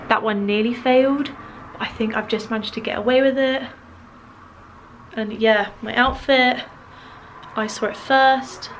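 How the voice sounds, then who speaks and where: Chatty British girl, slightly hoarse. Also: a little high, slight background noise, poor audio. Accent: British English. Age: young adult. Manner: chatty, giggly, excitable, talks to the camera. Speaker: vlogger. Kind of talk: casual vlog chat. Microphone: camera mic, filming herself.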